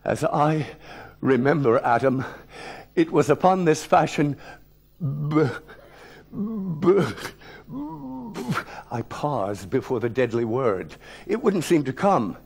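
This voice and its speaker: A man's voice: animated, unhurried, husky. A man in his sixties, an actor and lecturer, telling a story from his childhood in a vivid, wry, theatrical way. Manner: dramatic, vivid, wry delivery with big swings in pitch and loudness.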